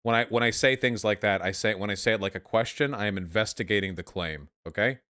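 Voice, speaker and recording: A young man hosting a livestream, reacting to chat with sarcastic, animated commentary full of swearing. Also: fairly low pitch, quick pace. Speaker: livestream host.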